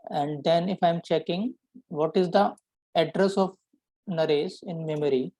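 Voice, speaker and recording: A man teaching a programming lesson, explaining step by step and often checking in with a quick "right?". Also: a little high, warm tone, no room sound, poor audio. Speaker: programming instructor. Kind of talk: live coding lesson.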